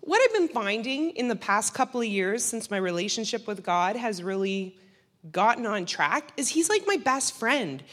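A woman's voice: a little high, lively intonation, moderate pace, a bit bright. Chatty woman in a church hall. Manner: chatty, laughs often, many fillers. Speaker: church member giving a mission trip testimony. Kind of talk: casual testimony to a church group. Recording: long hall reverb.

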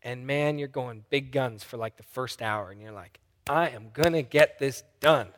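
Preacher storytelling in an echoing hall. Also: male voice, mid-range voice, normal speed. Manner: animated storytelling, acting out voices. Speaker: pastor. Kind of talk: sermon.

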